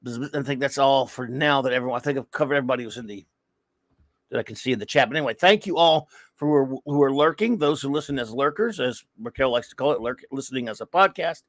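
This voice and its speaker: A man hosting a live comics talk show, chatting casually and rambling through friendly shout-outs to viewers in the chat. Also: medium pitch, fast, no echo. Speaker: podcast host.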